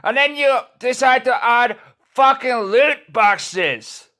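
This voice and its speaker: A man's voice: very high voice, slow pace, pushed and bright. A man delivering a furious, profanity-filled rant to the camera, swearing nonstop and tripping over his words. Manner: furious, swearing constantly, stumbling restarts.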